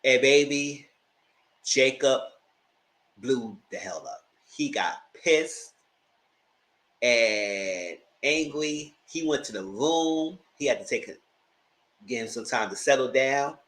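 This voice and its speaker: A man speaks slowly with long pauses on poor audio, casually recapping a reality TV episode with drama. An animated storyteller, he laughs often and acts out quotes with high-pitched outbursts.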